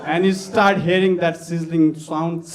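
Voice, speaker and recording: A man's voice: on the high side, little pitch movement, measured pace, very noisy. A man doing crude, raunchy stand-up at an open-mic night in slightly broken English. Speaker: stand-up comedian. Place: comedy club stage with audience. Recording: live club sound with crowd.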